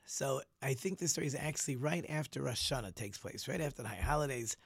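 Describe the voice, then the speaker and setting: Animated male storyteller, dry sound. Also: mid-range voice, fast, breathy edge, no echo. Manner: animated, repeats words, acts out quotes. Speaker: storyteller and teacher. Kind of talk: casual storytelling talk.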